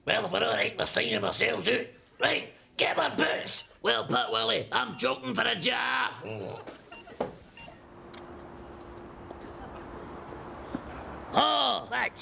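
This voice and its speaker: An actor playing a leering, heckling old drinker with a Scottish accent, in a comedy sketch. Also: male voice, extremely high pitch, measured pace, exaggerated voice. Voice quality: gravelly, shouting, heckling. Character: rowdy, leering old male drinker on a night out.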